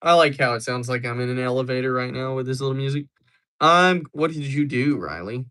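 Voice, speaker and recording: A man's voice: medium pitch, a little fast, pushed and bright. A young man hosting a livestream, chatting casually and joking as he answers viewers. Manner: joking, rambling replies to chat. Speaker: livestream host.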